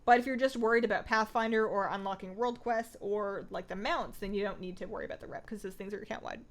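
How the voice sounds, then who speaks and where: A woman's voice: medium pitch, steady tone, quick pace. A woman hosting a casual gaming livestream, thinking aloud, answering viewer chat and laughing often. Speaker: livestream host playing an online game.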